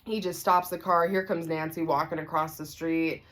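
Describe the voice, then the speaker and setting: A woman vlogger telling a story to the camera, casual and animated, acting out the voices of the people in it. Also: low voice, normal speed. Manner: animated, acts out everyone's voices.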